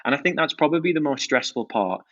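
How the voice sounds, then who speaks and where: A man's voice: fairly high pitch, lively intonation, quick pace, fairly bright tone, dry recording, lo-fi sound. A man, a brand founder, talking enthusiastically about his business in a podcast interview. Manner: enthusiastic, fluent product talk with restarts. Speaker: watch brand founder, guest.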